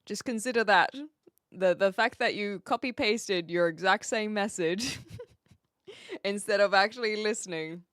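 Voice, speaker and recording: A woman's voice: medium pitch, fairly bright tone, no echo, studio quality. A woman from New Zealand with a light accent, chatting casually with viewers on a live stream, laughing often and trailing off mid-sentence.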